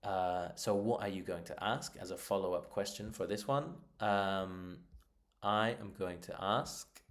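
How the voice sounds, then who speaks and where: A man teaching a beginner English lesson, patiently repeating example sentences slowly and clearly. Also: on the low side.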